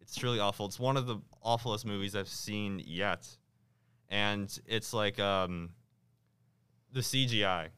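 A man's voice: lowish voice, a little slow, sharp tone, smooth. Jokey teenage boy podcaster. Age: teens. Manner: jokey, laughs often, mock-formal. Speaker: podcast co-host. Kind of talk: casual podcast chat.

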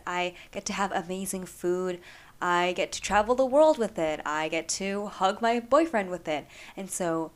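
A candid woman vlogger talks earnestly to her viewers, her voice sitting a little low. She muses aloud and asks herself rhetorical questions in a personal, reflective monologue.

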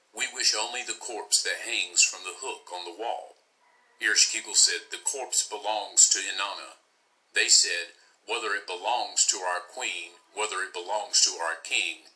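A man slowly and solemnly reading an ancient myth aloud as a story. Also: low-pitched, sharp tone, low-quality recording. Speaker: narrator.

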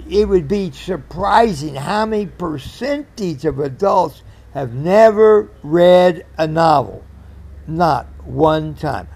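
A man's voice: a little high, creaky, darkish tone. A man in his eighties hosting a podcast, talking in a rambling, earnest way and often correcting himself. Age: 80s. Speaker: podcast host. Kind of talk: casual storytelling monologue.

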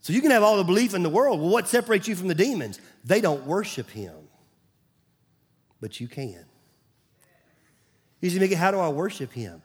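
A man's voice: high voice, sing-song, moderate pace, long pauses, husky. A man, preaching a sermon as pastor in a conversational way, sometimes dropping to a near-whisper. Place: church stage.

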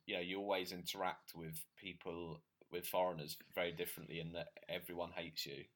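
A man's voice: low voice, flat delivery, fairly quick, fairly bright tone. A man co-hosting a podcast, chatting casually in a joking, rambling, self-mocking way. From Britain. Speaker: podcast co-host. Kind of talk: casual chat.

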